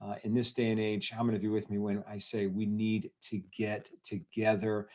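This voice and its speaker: A man hosting an online event, giving an energetic motivational talk over a video call and asking his audience questions. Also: lowish voice, normal speed. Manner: energetic, rallying, asks the audience questions, many fillers. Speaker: event host.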